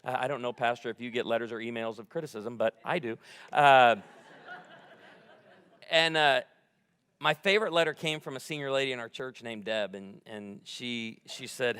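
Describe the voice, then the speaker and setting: A man preaching a sermon as pastor, animated and fired up, telling humorous stories from a church stage. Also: mid-range voice, moderate pace, clear, resonant tone. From United States. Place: large church sanctuary. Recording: long hall reverb.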